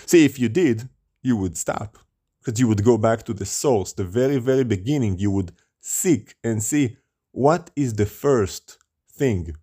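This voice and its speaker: A man's voice: mid-range voice, unhurried, dark tone, breathy edge. A man preaching as a rabbi, with rhetorical questions and a scornful tone. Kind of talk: sermon.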